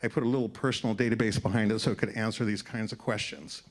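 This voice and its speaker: A man's voice: on the low side, steady tone, fast. Upbeat man giving a tech talk. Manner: upbeat, explanatory, walks through slides. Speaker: conference speaker. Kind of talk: short-format tech presentation. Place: event room before a live audience.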